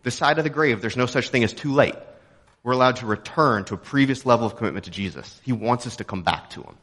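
A man's voice: mid-range voice, fast, fairly bright tone. A young adult man from Texas preaching a sermon as a pastor, in a conversational, joking way with rhetorical questions. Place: church auditorium.

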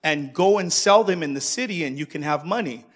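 A man's voice: a little high, lively intonation, brisk, in a large hall. A man voicing a loving, giving female tree that coaxes and pleads. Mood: coaxing. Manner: coaxing, pleading.

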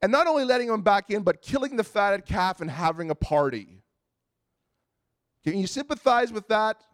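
Male pastor, high voice, animated storyteller, dry and close. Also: moderate pace, smooth, no room sound. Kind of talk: sermon.

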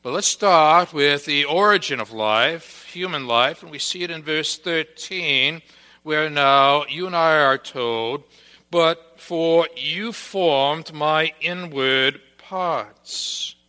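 A male pastor delivering a sermon at an unhurried, measured pace. His voice sits a little high for a man and has a bright, forceful edge. He lands his emphasis firmly on repeated words, building point by point. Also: big-room sound. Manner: deliberate, emphatic preaching with stressed repeated words.

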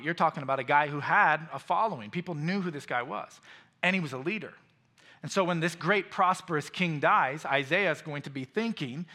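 A man's voice: fairly high pitch, sharp tone. A man preaching a sermon in a conversational, storytelling way, with personal asides and emphatic repetition. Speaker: pastor.

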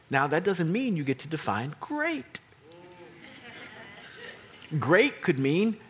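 A man preaching a sermon as pastor, animated and emphatic, with playful asides to his congregation. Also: medium pitch.

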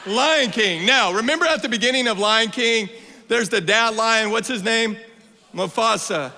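A man, preaching a playful, energetic sermon that rises to shouts. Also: sits high, moderate pace, vocal fry. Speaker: guest preacher. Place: church sanctuary. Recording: long hall reverb.

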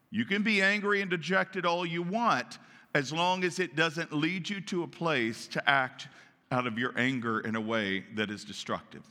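A man preaching a lively, folksy sermon and slipping into character voices. His voice sits high and sounds very bright and forceful. A long reverb trails after each phrase, as if it fills a large space. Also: measured pace. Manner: animated, folksy, acts out voices. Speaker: pastor.

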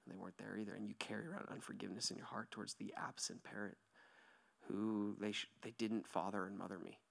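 A pastor in his thirties giving a sermon to his church, lively and joking at first, then soft and hushed as he leads a quiet prayer. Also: on the low side, brisk, gravelly. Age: 30s. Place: church hall.

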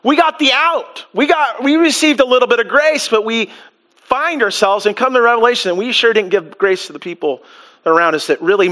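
His voice sits high as he preaches from the pulpit, lively and animated. He asks rhetorical questions and performs the parts of the story's characters.

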